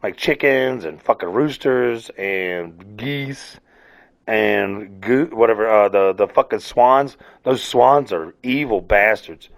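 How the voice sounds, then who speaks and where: A man's voice: on the low side, takes it slowly, vocal fry. A man hosting a casual solo rant, rambling and swearing freely, laughing at himself. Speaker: podcast host.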